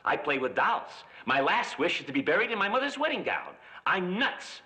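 An actor playing a brash, wisecracking army corporal who wears dresses and schemes for a discharge, in sitcom style. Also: male voice, high voice, big pitch swings, moderate pace, pushed and bright, slightly rough, full character voice. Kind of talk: 1970s TV sitcom acting. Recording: dull old TV soundtrack with faint hiss.

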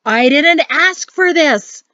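A woman's voice: medium pitch, expressive, unhurried, no room sound, natural voice. A woman voicing an exasperated male army major who grumbles and sputters. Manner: grumbling, weary and flustered. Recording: dry, slightly muffled audio.

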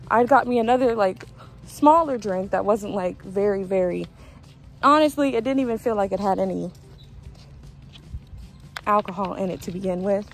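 A woman of twenty-one telling a story in a casual, animated way in a vlog. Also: mid-range voice, moderate pace, soft background music, poor audio. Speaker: vlogger.

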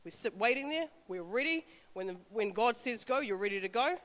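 A woman, telling an animated testimony with frequent laughter. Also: on the high side, a little fast, big-room sound. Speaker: speaker sharing a testimony. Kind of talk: informal sermon talk.

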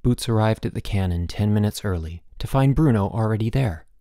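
A man narrating a children's audiobook in an expressive storytelling manner. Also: lowish voice, brisk, dry recording, clean studio sound.

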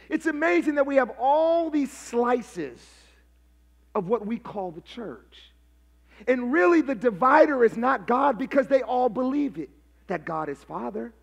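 A pastor preaching a live sermon, calling on his congregation to answer back and building to shouted, sing-song passion. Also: very high-pitched, very animated, unhurried, creaky, dull audio. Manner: call-and-response preaching, prompting the congregation.

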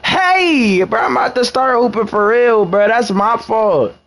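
This is a young man with a high, gravelly voice that swings widely in pitch. He talks at an unhurried pace while commentating his own gameplay, scolding teammates in heavy slang. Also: animated, fairly bright tone. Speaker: gamer.

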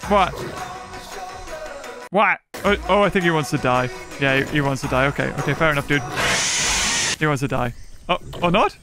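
A man giving excitable live commentary over a video game, exclaiming and laughing often. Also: fairly high pitch, normal speed, pauses often, over music. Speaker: gaming YouTuber.

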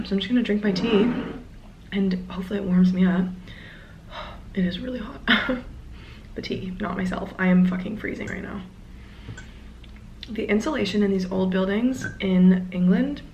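At home in her apartment, a young woman vlogger chats casually through a day in her life, rambling and drifting into little asides. Her mid-range voice is creaky, and the roomy home recording carries slight background noise.

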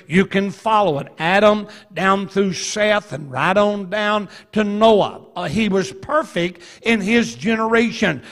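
Folksy high-voiced preacher. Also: male voice. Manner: folksy storytelling preacher, shifts between slow emphasis and quick asides. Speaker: evangelist. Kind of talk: revival sermon. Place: church sanctuary.

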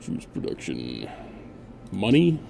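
A man's voice: sits low, wildly swooping pitch, slow, vocal fry, mellow, a little hiss or hum. A man hosting a gameplay video, chatting casually and barking mock-grand orders at his units with a sarcastic edge.

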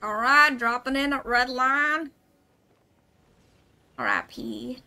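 A young woman streams a game and chats casually, thinking aloud and filling her talk with "like" and "um." Her voice is high, slow and gravelly, with a bright, forceful tone.

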